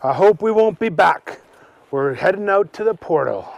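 A man's voice: high-pitched, lively intonation, normal speed, gravelly, no room sound, lo-fi sound. A man voicing a determined young boy adventurer in a slightly raised, eager voice.

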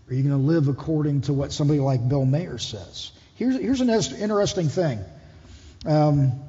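High-voiced pastor preaching in a hall. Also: male voice, mellow. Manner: conversational, asks the congregation questions. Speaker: lead pastor. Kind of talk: sermon. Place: church hall. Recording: dull echoey hall.

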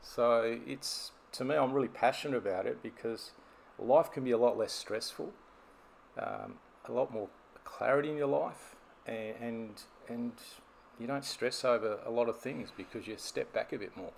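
A man's voice: mid-range voice, lively intonation, normal speed, gravelly, a little hiss or hum. A man, a business coach telling stories and explaining ideas in a podcast conversation. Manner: storytelling, explanatory.

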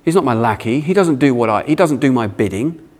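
A man preaching a sermon, animated with playful asides. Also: medium pitch, a little fast. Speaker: pastor.

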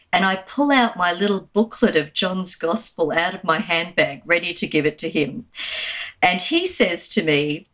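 A woman's voice: on the low side, normal speed. An Australian woman, an Anglican minister, recounting a personal story in an interview with frequent fillers. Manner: warm anecdotal retelling with fillers.

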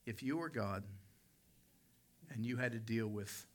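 A man preaching a sermon as pastor, emphatic, surging to loud peaks and then dropping low. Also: a little slow. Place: church service with congregation responding.

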